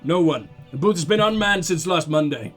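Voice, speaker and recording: A stubborn, dignified old guard, voiced by a man in a let's play reading who keeps everyone at arm's length. His lines come out lower than the reader's own voice, aloof and clipped, with a lively, rising and falling delivery. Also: moderate pace, soft background music.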